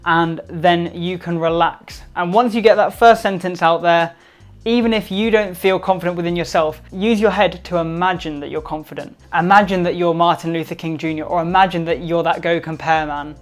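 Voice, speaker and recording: A man giving upbeat instructional tips to camera, emphatic and varying his loudness to stress points. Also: fairly high pitch, steady tone, moderate pace, soft background music. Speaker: presentation skills vlogger.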